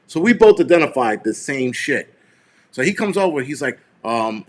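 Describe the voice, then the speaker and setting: A man's voice: medium pitch, sing-song, moderate pace. A man in an ordinary middle register hosts a live stream, telling a story in a heated, profane, rambling way. He restarts sentences and swears constantly as he works himself up. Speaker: show host.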